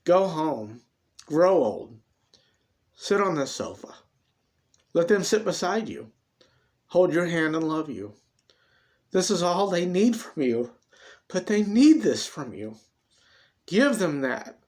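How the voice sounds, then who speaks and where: A man's voice: fairly high pitch, very animated, slow pace, pauses often, voice pushed up. A man voicing a saucy defiant young woman. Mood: tender. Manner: sassy, later soft and consoling.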